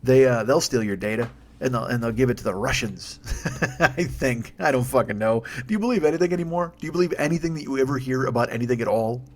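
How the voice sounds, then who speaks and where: A man with a mid-range voice talks fast into a studio microphone as host of a solo comedy podcast. His rant is profane, rambling and sarcastic.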